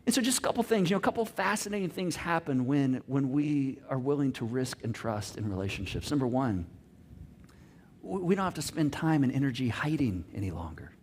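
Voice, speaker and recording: A man's voice: medium pitch, expressive, fairly quick, darkish tone, slight background noise. A middle-aged man preaching a sermon, telling stories with many restarts and quoted conversations. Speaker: pastor.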